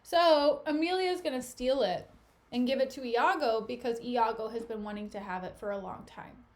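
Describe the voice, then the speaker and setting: Chatty high-voiced woman streamer. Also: moderate pace. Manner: chatty, slangy, recaps with asides. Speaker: streamer reading a play. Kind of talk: casual live-stream reading and recap.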